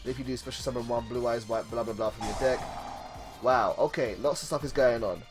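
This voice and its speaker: A man live-streaming a card game, chatting casually and reading card text aloud with excited reactions. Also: medium pitch, fairly quick, music in the background.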